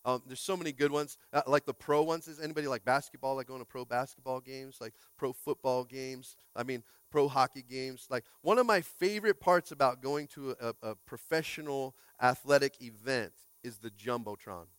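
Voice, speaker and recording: A man's voice: mid-range voice, normal speed, hardly any pauses, smooth, no room sound. A man preaching a casual, joking sermon as pastor, chatting with the congregation and stumbling through restarts and fillers. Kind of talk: casual sermon with crowd interaction. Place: church sanctuary.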